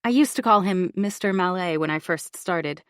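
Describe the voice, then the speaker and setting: A woman reading a first-person audiobook thriller in an expressive, confiding inner-monologue style. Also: lowish voice, normal speed, smooth, dry recording, studio quality. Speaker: audiobook narrator.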